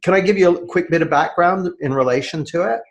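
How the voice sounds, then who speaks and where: A man being interviewed as an author about his book, speaking in a thoughtful, measured way over a video call, often trailing off softly. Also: high voice. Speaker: author and guest. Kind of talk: reflective interview talk.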